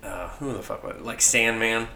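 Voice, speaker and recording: Young guy rambling casual and sweary, says like a lot, bright pushy tone, slight low pitch, roomy echo. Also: moderate pace. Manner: loose, profane, full of "like", acts out quoted lines. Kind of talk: casual chat pitching a comic story. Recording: echoey room.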